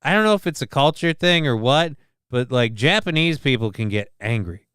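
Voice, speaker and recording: A male streamer talks in a loose, rambling way, cursing freely and reading out chat names between remarks. His voice is very clean and smooth, recorded dry and close. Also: medium pitch, animated, moderate pace, a bit bright, no echo. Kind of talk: casual live-stream commentary.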